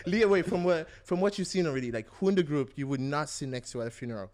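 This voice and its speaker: A man hosting a casual football podcast chat, playful and quick to laugh. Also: a little high, lively intonation, darkish tone. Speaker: podcast host.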